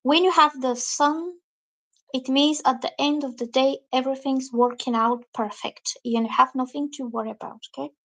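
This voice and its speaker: High-pitched woman doing a live tarot reading, chatty, reads out comments, acts out what ppl might say. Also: moderate pace. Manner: chatty, explains cards, reads viewer comments aloud; lively, acts out quoted reactions. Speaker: tarot reader.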